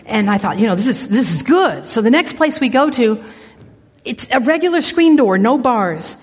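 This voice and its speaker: Brief: high-voiced woman with a husky edge, earnest church testimony and prayer, stumbling restarts. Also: sing-song, normal speed, big-room sound. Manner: earnest storytelling with frequent restarts. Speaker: church speaker.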